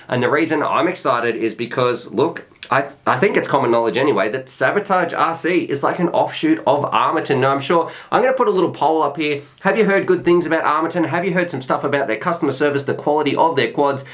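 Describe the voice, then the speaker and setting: A man's voice: fairly high pitch, fast, hardly any pauses, fairly bright tone. A man hosting a casual drone review with an upbeat, chatty manner, doubling words for emphasis. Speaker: host of a drone review channel.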